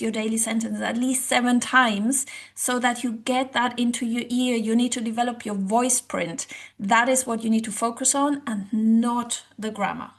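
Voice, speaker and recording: Higher-voiced woman coaching language learners. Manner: explanatory, with rhetorical questions and many "kind of" fillers. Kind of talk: educational talk to camera.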